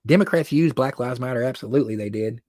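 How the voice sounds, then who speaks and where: Talking fast in a medium-pitched, darkish voice, a man runs his weekly livestream from his own studio, keeping things casual with frequent jokes and laughter. The audio comes through a phone or computer livestream.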